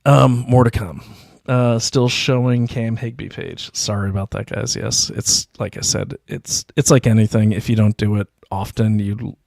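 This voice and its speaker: A man's voice: lowish voice, fairly even intonation, moderate pace, vocal fry, a little mellow, dry recording, studio quality. A middle-aged man hosting his own livestream, rambling through anecdotes and reading viewer comments in a casual, self-deprecating way. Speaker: livestream host. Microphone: desk mic, self-produced stream.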